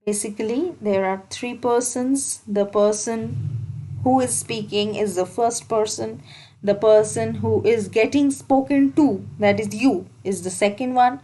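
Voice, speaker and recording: A woman's voice: a little high, a little slow, dark tone, slight background noise, rough recording. A woman teaching grammar for exams, explaining step by step and repeating key points. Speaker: English teacher. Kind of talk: exam-prep grammar lesson.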